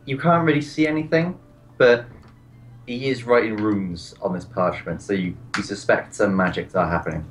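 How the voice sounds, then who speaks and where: Man, game master, low voice, rambling, filler-heavy narration. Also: normal speed, faint music behind. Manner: rambling descriptions with many fillers.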